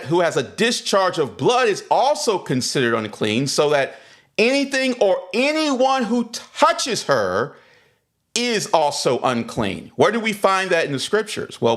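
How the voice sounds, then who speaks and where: A man's voice: high voice, a bit bright. Man, Bible teacher, livestream lesson, reads verses then explains, keeps stressing key points. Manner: reads scripture aloud, then explains with repeated emphasis; greets viewers in the chat mid-lesson.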